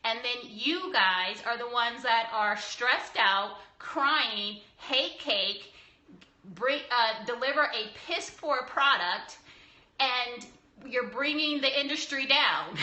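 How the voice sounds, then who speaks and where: Her voice a little high and sharp, a young cake decorator takes her time answering questions from viewers during a relaxed live stream. She's blunt and preachy, with occasional laughter and mild cursing, recorded in an echoey space.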